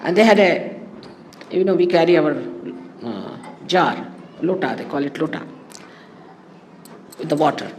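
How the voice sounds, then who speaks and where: A woman's voice: sits low, animated, unhurried, long pauses. A woman speaks as a spiritual teacher addressing her followers. She tells stories and wanders off into asides along the way. Her voice rings through a large reverberant hall over a faint hum of background noise. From India. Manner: anecdotal, digressive storytelling with asides. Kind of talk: spoken talk to followers.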